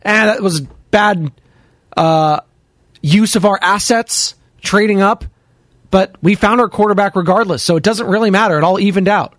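Brief: male sports talk host, high tenor voice, dry close mic, chatty and jokey. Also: normal speed, dry recording. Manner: chatty, jokey, shouts out listeners. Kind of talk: casual sports radio chat, taking calls and chat.

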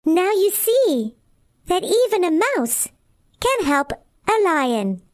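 A woman voicing a timid little female mouse in a bedtime storybook, with a squeaky, thin voice. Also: big pitch swings, slow, darkish tone, no room sound, studio quality, exaggerated voice. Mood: gentle, pointed.

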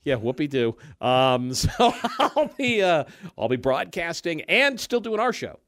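Halting, animated male radio host. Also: on the high side, dry recording, studio quality. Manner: halting, many restarts and fillers, laughs often. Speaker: radio talk show host. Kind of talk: casual radio talk.

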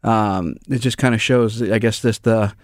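A man's voice: fairly low pitch, fairly even intonation, unhurried, dry recording, clean studio sound. A man co-hosting a talk show, chatty and telling stories in a casual way. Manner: chatty storyteller. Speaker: co-host and gun shop owner. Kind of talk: casual chat.

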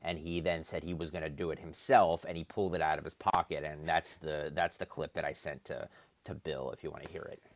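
A man's voice: extremely low pitch, flat delivery, brisk, no echo, highs cut off. A man chatting on a radio show, amused and laughing easily. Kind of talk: casual radio chat.

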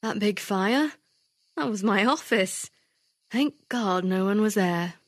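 Casting: woman reading a kind dad, gentle and reassuring, storybook. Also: mid-range voice, lively intonation, slow pace, no room sound, clean studio sound. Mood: warm. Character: kind family father.

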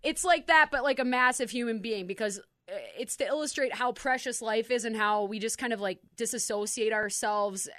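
A woman's voice: fairly high pitch, fairly bright tone, dry recording, studio quality. A woman hosting a radio show, chatting casually with playful, joking banter. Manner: playful, jokey, quick banter. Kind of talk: casual on-air chat.

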